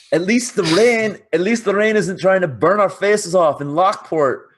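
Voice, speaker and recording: A man's voice: high-pitched, measured pace, a little hiss or hum. A man playing a tabletop game, chatting and explaining rules at length. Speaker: player. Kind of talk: casual tabletop play.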